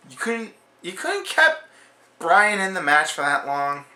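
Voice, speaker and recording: A young man from Canada, giving an excitable, profane, rambling review of a wrestling show. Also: high voice, measured pace, reverberant. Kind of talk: casual video review.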